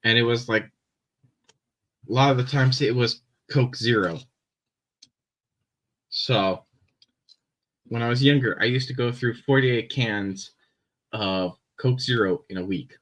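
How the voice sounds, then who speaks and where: A young Canadian man with a Canadian accent chatting casually on a live stream, rambling with many fillers and pauses. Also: medium pitch, fairly bright tone, low-quality recording.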